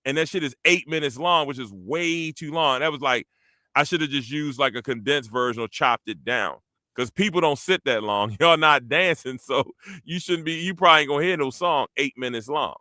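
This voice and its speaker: A man hosting a casual chat, animated, breaking into sung demonstrations of vocal ranges. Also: a little high, moderate pace, no echo, studio quality. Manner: animated, breaks into singing demos. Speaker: podcast host and parody songwriter.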